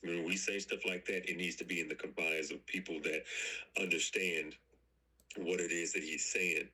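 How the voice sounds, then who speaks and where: Low, husky man calling in. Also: fairly even intonation, moderate pace, sharp tone, poor audio. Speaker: caller. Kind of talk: casual call-in discussion.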